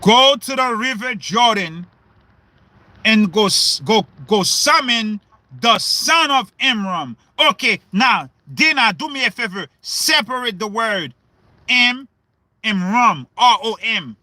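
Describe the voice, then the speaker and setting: A man preaching in a livestream sermon, questioning his listeners, repeating himself and breaking into shouts. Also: sits high, expressive, slow, dry recording.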